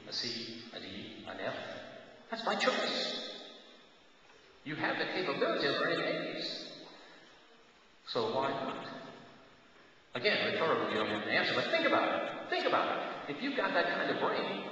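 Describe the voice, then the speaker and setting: A man in his sixties giving a talk to students, animated and teasing, asking the audience questions. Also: on the high side, a little slow, pauses often, muffled recording. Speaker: guest speaker at a school. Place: school auditorium or hall. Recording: echoey hall recording from far off, hissy.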